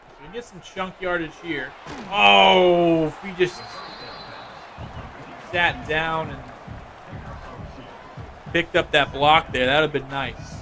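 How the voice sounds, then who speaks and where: A man streaming a football video game, giving casual, excitable play-by-play and chatting with viewers. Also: on the high side, slow, long pauses, some chatter behind, slight background noise. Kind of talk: live gameplay commentary.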